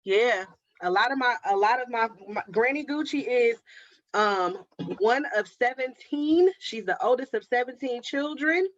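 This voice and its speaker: A woman's voice: a little high, animated, unhurried, no room sound. Chatty woman hosting a craft livestream. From Oakland, California. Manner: chatty, affectionate terms like baby and girl. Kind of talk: casual livestream chat reading viewer comments. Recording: dry, slightly dull livestream audio.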